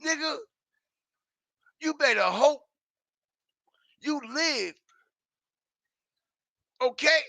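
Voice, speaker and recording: A man's voice: very high voice, expressive, drawn-out words, creaky, long pauses, bright, forceful tone, no echo. A man giving a ranting online commentary, emphatic and profane, repeating himself and checking in with his listeners. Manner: emphatic, repetitive, keeps checking in with the audience; profane and mocking.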